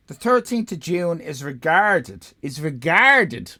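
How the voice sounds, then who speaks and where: A man's voice: on the high side, big pitch swings, slow pace, pushed and bright. An Irish man streaming live, giving rambling, sarcastic, profane commentary.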